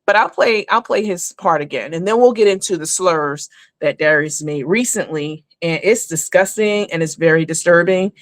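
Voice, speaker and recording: A woman's voice: on the low side, normal speed, dry recording. A woman hosting a live online show, talking casually and at length to her viewers, calling them honey and baby. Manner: chatty, rambling, addresses viewers as honey and baby. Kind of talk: casual live-stream commentary.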